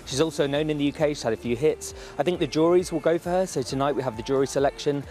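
A man's voice: fairly high pitch, quick pace, darkish tone. A man talking enthusiastically about a song contest in a live radio interview. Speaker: pundit.

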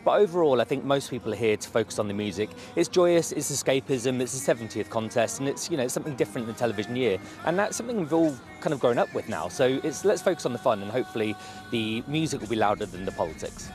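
A man's voice: mid-range voice, lively intonation, fast, over music. A man talking enthusiastically about a song contest in a live radio interview. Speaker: pundit.

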